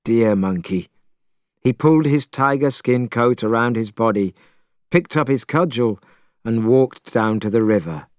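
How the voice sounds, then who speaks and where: A man narrating a storybook chapter in a measured, expressive way. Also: mid-range voice, dry recording, clean studio sound.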